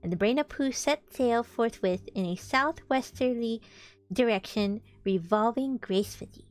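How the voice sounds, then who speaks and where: A young woman streamer reading a storybook aloud, animated, with chatty asides to her viewers. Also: a little high, moderate pace. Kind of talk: casual read-aloud stream. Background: faint background music.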